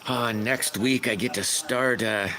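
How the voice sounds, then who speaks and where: A man's voice: mid-range voice, steady tone, measured pace, crowd noise. A man casually chatting with viewers on his livestream, rambling and greeting people by name. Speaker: livestream host.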